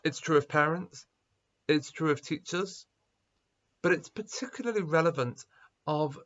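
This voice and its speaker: A man speaking as a rabbi at a school assembly, telling a story with lively quoted dialogue. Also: a little high, measured pace, highs cut off. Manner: animated storyteller, acting out quoted voices.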